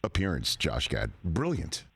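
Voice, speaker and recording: A man hosting a sports talk show, asking playful, teasing questions with drawn-out setups. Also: low-pitched, huge pitch swings, heavy background noise.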